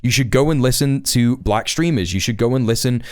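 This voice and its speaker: A man's voice: medium pitch, brisk, darkish tone, no room sound, studio quality. A man talking earnestly on a livestream, emphatic, with lots of fillers and restarts. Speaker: Twitch streamer. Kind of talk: livestream commentary.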